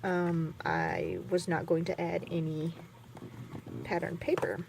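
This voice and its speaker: A woman's voice: fairly low pitch, big pitch swings, slow, gravelly, background noise. A woman chatting casually while scrapbooking at her craft table, rambling and poking fun at herself with lots of fillers. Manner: rambling, chatty, self-mocking, many fillers. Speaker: scrapbooking vlogger.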